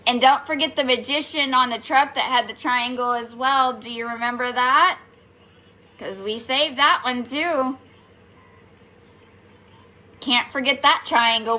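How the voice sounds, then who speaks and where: A woman's voice: fairly high pitch, pushed and bright, a little hiss or hum. A woman giving a casual, playful spiritual reading to her viewers, chatting, laughing often and swearing lightly. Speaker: tarot reader.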